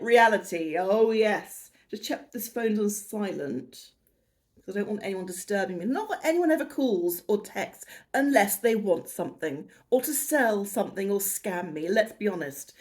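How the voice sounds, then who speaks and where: A woman's voice: medium pitch, a little mellow. British woman, fifties, rambling casual vlog chat, self-deprecating, laughs at herself. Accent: British English. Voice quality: chatty and self-deprecating, laughing at her own tangents. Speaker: haul vlogger.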